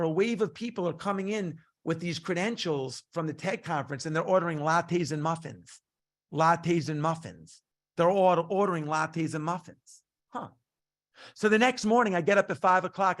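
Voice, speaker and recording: Animated man telling a sales story. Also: fairly high pitch. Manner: storytelling, punchy and animated, acts out dialogue. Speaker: business coach. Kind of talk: online coaching session.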